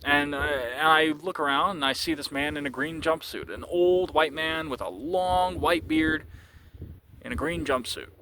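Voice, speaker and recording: Bright, halting male storyteller. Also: fairly high pitch, slight background noise. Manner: halting, repeats words, chuckles often. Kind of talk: casual first-person storytelling.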